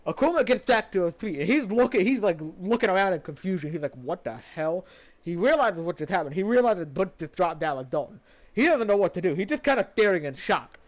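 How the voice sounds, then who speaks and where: Male streamer, high and animated, chatty and rambling, casual swearing. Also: fast talker. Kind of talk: casual game story recap.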